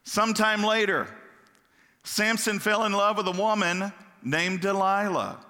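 A man's voice: sits high, steady tone, a little slow, pushed and bright. A man giving a casual, joking Bible lesson in a large hall, sometimes stumbling over his words. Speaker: Bible teacher. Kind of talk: conversational Bible teaching.

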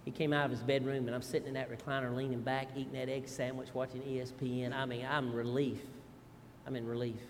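A middle-aged male pastor, telling family stories in an animated, folksy sermon with asides to the congregation. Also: medium pitch, quick pace, long reverb tail, slight background noise. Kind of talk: storytelling sermon.

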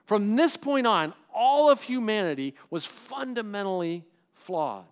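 Male pastor, middle-aged, high voice, casual sermon delivery with acted-out quotes. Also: animated, unhurried, clean tone. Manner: conversational preaching, acts out quoted voices.

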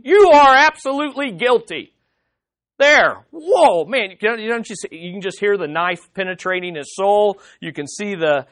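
Animated male preacher teaching scripture. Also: high-pitched, no room sound. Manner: animated, with vivid sound effects; conversational, with frequent fillers. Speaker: pastor. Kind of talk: expository sermon.

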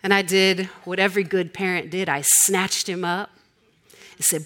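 A woman's voice: on the low side, steady tone, normal speed, a bit bright. A woman in her forties preaching a sermon, telling stories in a conversational, humorous way.

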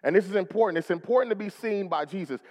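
A man's voice: high voice, fast talker, darkish tone, big-room sound. A male pastor preaching a rousing sermon in a church, calling for responses from the congregation.

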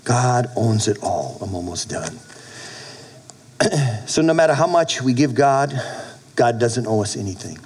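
Lively middle-aged preacher, animated delivery. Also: male voice, mid-range voice, measured pace, long pauses, breathy edge. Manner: animated, with frequent restarts and sudden soft drops. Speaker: pastor. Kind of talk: sermon.

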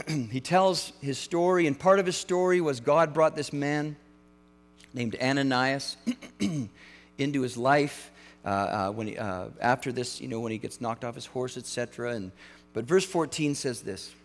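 A male pastor giving a sermon in a casual, animated way, with frequent restarts and fillers. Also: medium pitch, a little slow. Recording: hall reverb, mains hum.

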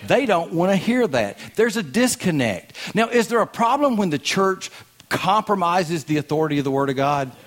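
A man's voice: high-pitched, big pitch swings, normal speed. A man with a Southern US accent, a guest speaker giving a sermon in a folksy, joking and emphatic way. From American South.

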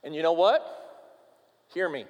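A man preaching a sermon as pastor, emphatic and animated, sometimes dropping to a quiet, earnest tone. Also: on the high side, measured pace, muffled recording. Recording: long reverb of a large hall.

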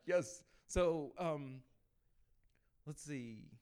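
Speaking on a panel, a man with a mid-range voice tells his evangelism experiences as a lively testimony, laughing between anecdotes. He acts out bits of dialogue in quick asides.

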